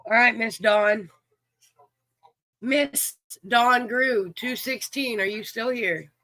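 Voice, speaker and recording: A man with a drawl hosts a casual livestream card game. His voice sits high and bright, and he talks in a folksy, chatty way as he calls out viewers by name. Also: takes it slowly, dry recording. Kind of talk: casual livestream chat, reading viewers' names.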